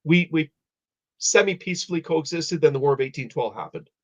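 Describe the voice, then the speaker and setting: A man's voice: fairly high pitch, animated, brisk, darkish tone. A man hosting a live stream, explaining history in a rambling casual way with many restarts. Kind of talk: casual chat. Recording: dull lo-fi audio.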